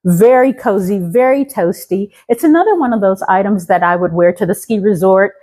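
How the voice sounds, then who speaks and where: Woman in her fifties, fashion vlogger, casual show-and-tell, polished trained-singer diction, upbeat, medium pitch. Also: moderate pace, rough recording. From Louisiana, raised in Colorado from seventeen. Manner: crisp trained-singer diction, warmly enthusiastic, repeats phrases.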